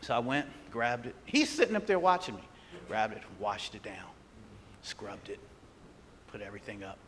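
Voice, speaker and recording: A man preaching a sermon, telling a personal story with animated delivery and acting out the voices of the people in it. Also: fairly low pitch, moderate pace, slight background noise. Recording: long hall reverb.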